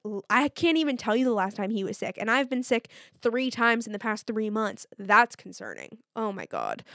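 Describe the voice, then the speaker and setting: A young woman with a fairly high voice talks straight into a close mic in a dry room. She hosts her own podcast and tells stories in a candid, animated way, swearing freely as she goes. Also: dry recording. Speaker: podcast host. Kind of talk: casual solo podcast chat.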